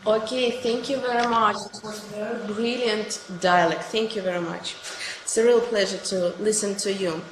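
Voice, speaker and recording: A woman teacher whose first language is Russian, speaking English with a Russian accent and quizzing students in an online class, encouraging and quick to praise each answer. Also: medium pitch, steady tone. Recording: echoey room with faint noise.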